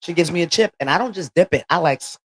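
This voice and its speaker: A woman's voice: on the low side, quick pace, husky. A woman from California, a podcast co-host, telling a story in casual chat and acting out what people said. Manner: lively storyteller, acts out quotes. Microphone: home podcast mic on a stand.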